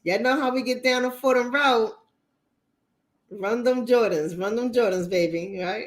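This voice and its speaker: A woman with a Bronx accent, casually chatting with viewers on a livestream in a blunt, profane manner. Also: unhurried. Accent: New York, Bronx. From New York, the Bronx. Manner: blunt, profane, animated, mimics others in high voices. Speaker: relationship coach and livestream host.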